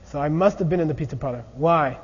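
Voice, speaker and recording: A man teaching a lively philosophy lecture, acting out examples and constantly checking in with his listeners. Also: fairly high pitch, quick pace, slightly rough. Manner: animated, often checks in with 'okay?'. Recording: muffled recording in a large echoey hall.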